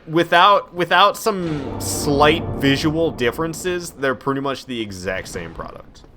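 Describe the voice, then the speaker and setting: A man's voice: on the high side, expressive, a little slow, sharp tone, slight background noise. A young man streaming a video game at home, rambling casually and reading chat messages aloud.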